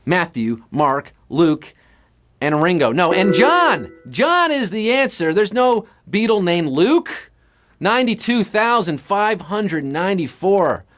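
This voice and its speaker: A man's voice: high voice, sing-song, a bit bright. Punning male trivia host over music. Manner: punning, joking, reads questions briskly. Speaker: quiz show host. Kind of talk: live trivia game hosting.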